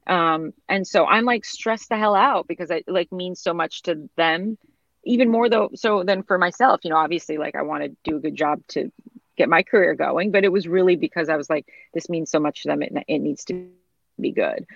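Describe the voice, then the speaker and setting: A woman's voice: fairly low pitch, normal speed, creaky, no room sound. A woman being interviewed, telling stories in a loose, rambling way with many fillers and restarts. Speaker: interview guest, TV director and writer. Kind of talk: casual conversational storytelling. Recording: slightly dull, lo-fi sound.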